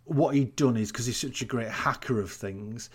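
A man's voice: mid-range voice, moderate pace, husky. A man recapping a TV episode in casual podcast chat, incredulous and sweary as he rants about its plot holes. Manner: incredulous, ranting storyteller, sweary.

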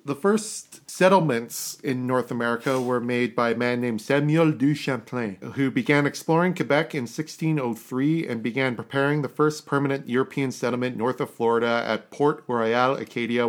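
A man's voice: mid-range voice, moderate pace, few pauses. Rambling Canadian man hosting a history podcast. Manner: rambling, self-correcting, chuckles at his own asides. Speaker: podcast host.

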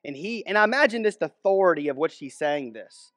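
High-voiced man preaching a casual sermon. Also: animated, fairly quick, fairly bright tone, no room sound, clean studio sound. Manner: conversational, storytelling, frequent restarts and acted-out quotes.

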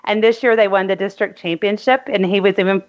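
A woman's voice: mid-range voice, fairly even intonation, quick pace, highs cut off. A woman co-hosting a podcast, chatting casually and getting sentimental, with frequent ums. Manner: sentimental, rambling with many ums. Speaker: podcast co-host. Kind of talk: casual chat.

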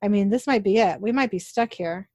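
A woman's voice: medium pitch, fairly quick, mellow, no echo, clean studio sound, natural voice. A woman voicing a brash, defiant young male monster hunter in a read-aloud recap, reading the lines plainly.

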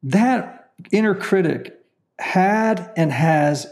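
A man's voice: high voice, animated, extremely slow, darkish tone. A man being interviewed as a counselor and author, explaining ideas earnestly and often checking in with "right?". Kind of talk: conversational interview.

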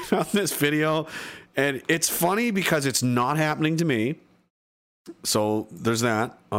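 A man hosting a loose, casual livestream, reading chat aloud and rambling from one thought to the next. His talk is full of "uh", restarts and offhand swearing. His voice sits at an ordinary middle pitch for a man. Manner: rambling and profane, with many fillers and restarts.

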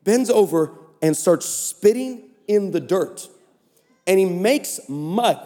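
A male preacher delivering a lively conference sermon, swinging between shouted peaks and low, quick asides. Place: large conference hall. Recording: reverberant hall.

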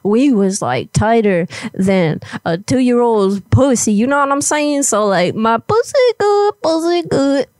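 A woman voicing a brash, stoned party girl who talks fast in crude street slang on a prank call. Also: mid-range voice, animated, a little mellow, no echo, close to an everyday voice. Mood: insistent. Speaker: prank caller.

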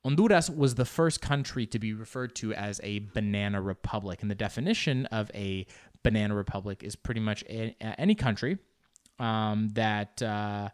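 Smooth-voiced rambling man host. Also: on the low side, moderate pace. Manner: rambling, profane, self-mocking. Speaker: podcast host. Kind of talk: casual solo chat.

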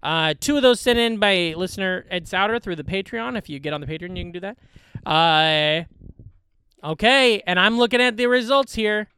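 A man co-hosting a comedy podcast, chatting casually, joking quickly and laughing often. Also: high-pitched, sharp tone, clear, resonant tone, no room sound. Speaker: podcast co-host.

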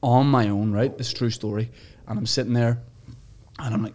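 A man in his thirties, a guest comedian from Ireland, telling animated anecdotes in a casual podcast chat, swearing freely. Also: mid-range voice, a little fast. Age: 30s. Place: podcast studio.

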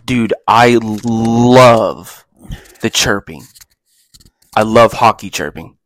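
A man's voice: on the low side, drawn-out words, a bit bright, no room sound. A man co-hosting a podcast in casual chat, full of slang like "bro" and "dude.". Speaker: podcast co-host.

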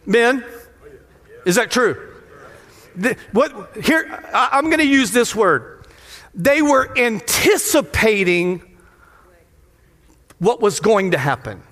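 A man pastor preaching a lively, playful sermon in a church sanctuary, often putting questions to the crowd. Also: very high-pitched, measured pace. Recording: long hall reverb of a sanctuary.

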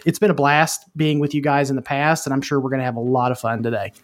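A man's voice: mid-range voice, little pitch movement, quick pace. A man guesting on a podcast panel in casual chat, joking and mocking himself.

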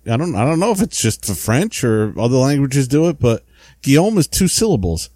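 Man with a New Jersey accent, casual podcast co-host, mellow dark tone, dry close sound, rambling and joking. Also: mid-range voice, sing-song, unhurried, no room sound. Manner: joking, rambling with many fillers. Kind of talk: casual chat.

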